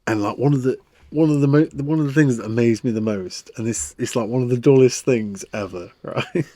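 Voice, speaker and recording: A man co-hosting a podcast, telling stories in a casual, animated way. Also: medium pitch, brisk, dry recording. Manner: animated storytelling with frequent laughs. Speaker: podcast co-host. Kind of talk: casual chat.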